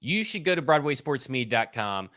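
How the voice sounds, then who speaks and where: A man co-hosting a casual sports talk show, brisk and matter-of-fact as he explains numbers. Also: mid-range voice, big pitch swings, fairly bright tone, no room sound, studio quality. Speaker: podcast co-host and analyst.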